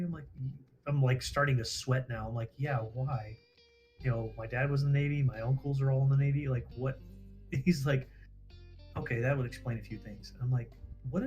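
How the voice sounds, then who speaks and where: A man's voice: mid-range voice, fast talker, darkish tone, soft background music. A man casually telling a story on a livestream, acting out quoted dialogue, swearing freely and laughing at himself.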